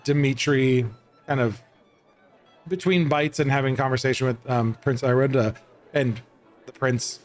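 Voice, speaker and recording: Halting man running a tabletop game. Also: mid-range voice, steady tone, soft background music. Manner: loose and halting, many ums and restarts. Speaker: game master.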